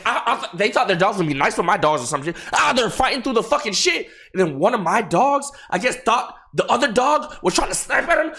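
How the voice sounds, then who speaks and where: On a livestream, a young man rambles a story to his viewers in chat, full of swearing and stumbling restarts, his voice dipping low and soft before rising loud and high.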